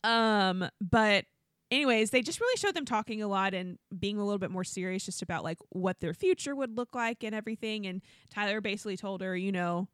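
A woman's voice: mid-range voice, fairly quick, clear, resonant tone, no room sound, studio quality. A woman co-hosting a podcast, chatting casually and acting out what people said in exaggerated voices. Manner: animated, acts out quotes in exaggerated voices. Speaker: podcast co-host. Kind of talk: casual chat recapping reality TV.

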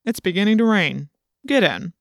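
A woman's voice: medium pitch, expressive, normal speed, gravelly, no echo, clean studio sound. A woman voicing a stern middle-aged male assistant principal who speaks in firm, clipped commands.

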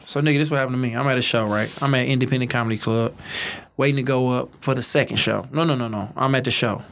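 Fast-talking man telling stories. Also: mid-range voice, gravelly, a little hiss or hum. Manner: loose, profane, animated storytelling. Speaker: comedian and podcast co-host. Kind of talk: casual storytelling chat.

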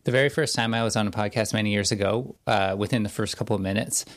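A man in his thirties co-hosting a podcast, relaxed and joking as he tells stories in a casual chat. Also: fairly low pitch, quick pace. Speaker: podcast co-host.

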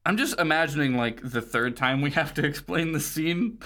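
Animated, jokey male podcast host. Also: fairly high pitch, normal speed. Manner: laughs often, jokey and swears casually. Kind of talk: casual chat recapping a video game.

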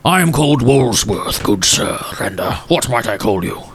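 A man voicing a weary, tearful old gentleman who speaks formally and haltingly, often sinking into a whisper. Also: mid-range voice, very animated, vocal fry, a crowd in the background. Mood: wistful. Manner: courtly and halting, drifting into whispers.

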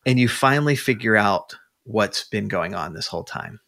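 A man's voice: lowish voice, animated, normal speed, creaky, fairly bright tone. A man, a podcast guest, chatting casually and retelling a story, with many restarts and fillers. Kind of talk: casual chat.

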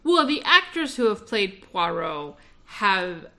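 A woman from North Carolina co-hosting a casual podcast. Her voice is bright and forward, and she talks in a chatty way, doubles back to correct herself, and laughs easily. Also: medium pitch, sing-song, slow. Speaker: podcast co-host. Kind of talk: casual chat.

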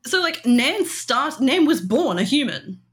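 A woman's voice: high voice, sing-song, a little slow, a bit bright. A woman co-hosting a podcast, chatting casually with lots of giggles and fillers. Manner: giggly, rambling with many fillers. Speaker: podcast co-host. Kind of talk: casual chat.

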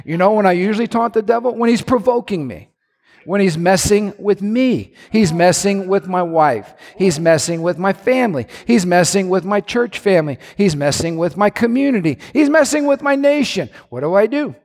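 A male pastor preaching a sermon, swinging between low, quiet asides and loud, shouted lines. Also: lively intonation, moderate pace, long reverb tail.

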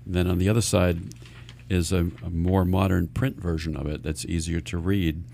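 A man with a low, gravelly voice hosts a radio talk show as a financial advisor. He explains things earnestly, restarting his sentences often as he goes. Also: flat delivery, normal speed, warm tone, slight background noise.

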